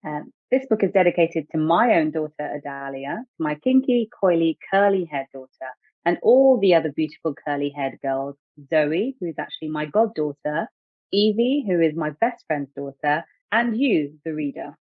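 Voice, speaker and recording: Woman author reading a picture book aloud, low and lively, tinny dry sound. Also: normal speed, no room sound.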